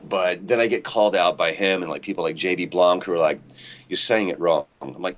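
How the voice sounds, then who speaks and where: Joining an interview over an internet call from his home near an airport, a man chats casually, rambling and cracking jokes at his own expense while aircraft hum faintly in the background. His voice is low, fairly even in intonation, and fairly quick.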